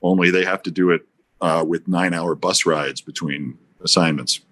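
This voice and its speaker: A man in his sixties, a broadcaster guest telling an anecdote in a podcast interview, acting out other people's voices with big jumps in pitch. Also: fairly even intonation, moderate pace, a bit bright.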